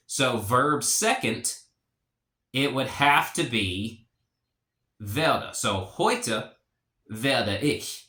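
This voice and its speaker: A man explaining a language lesson in a relaxed, rambling way, with fillers and restarts. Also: medium pitch, echoey room. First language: English. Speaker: language teacher.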